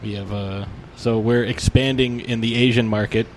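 A man's voice: mid-range voice, fairly even intonation, normal speed, slight background noise. A man hosting a podcast in casual chat, rambling easygoing with many ums and uhs. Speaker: podcast host.

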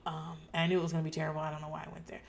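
A woman's voice: low-pitched, rapid-fire, a little hiss or hum. A woman hosting a podcast, recapping a show in a casual rant and swearing freely. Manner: ranting, swears freely, animated asides.

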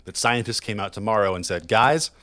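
Low-voiced male co-host, loose rambling storyteller, chatty. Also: fairly quick, fairly bright tone, no room sound, clean studio sound. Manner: rambling, repeats words, laughs while talking. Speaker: podcast co-host. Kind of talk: casual chat, telling a joke.

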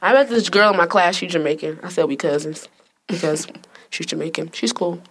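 A woman's voice: on the low side, fairly quick, a little hiss or hum. A young woman hosting a casual family podcast, teasing and laughing often as she banters. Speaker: podcast host.

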